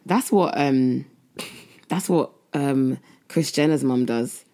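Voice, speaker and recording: A young woman co-hosting a casual podcast, animated and slangy, laughing a lot. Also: extremely low pitch, slow. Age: young adult. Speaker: podcast co-host. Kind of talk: casual chat.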